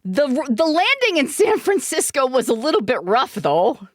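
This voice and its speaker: A woman's voice: high voice, very animated, moderate pace, no echo, clean studio sound. A woman from Canada telling a profane, giggly story casually to her stream chat.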